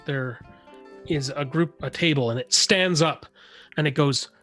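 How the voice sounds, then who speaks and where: Halting male game master. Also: fairly high pitch, bright, forceful tone, soft background music. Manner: halting, many fillers and restarts. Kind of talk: narrating a tabletop game.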